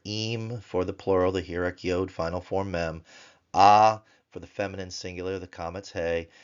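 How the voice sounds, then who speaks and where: A man teaching Biblical Hebrew grammar in a recorded lesson, explaining slowly and chanting word forms in a sing-song voice. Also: low voice, highs cut off. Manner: slow, deliberate explanations.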